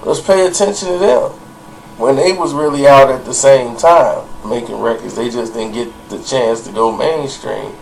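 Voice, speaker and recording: A man's voice: medium pitch, moderate pace, gravelly, few pauses, a little hiss or hum, rough recording. A man telling a story in casual commentary, hesitant and rambling, with many fillers and restarts. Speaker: commentator in the reviewed video.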